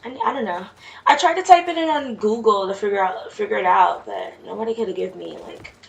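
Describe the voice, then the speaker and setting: This woman's mid-range voice is creaky and fairly quick as she mutters and reacts while playing a video game. It's casual let's play commentary spoken mostly to herself, captured by a distant mic with faint noise.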